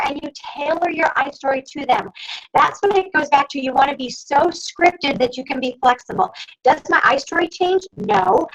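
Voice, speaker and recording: A woman coaching her sales team over a video call, talking fast and exclaiming often as she calls out to her listeners. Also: sits high. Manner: fast, animated, exclamatory, addresses listeners as "you guys". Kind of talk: energetic sales training talk. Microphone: computer mic on a video call. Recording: dull lo-fi video call audio.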